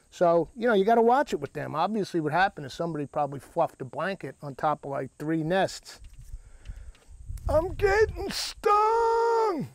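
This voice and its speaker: A middle-aged man from Long Island hosting a cooking vlog, telling a rambling, animated story in a casual chat. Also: on the high side, vocal fry, no echo.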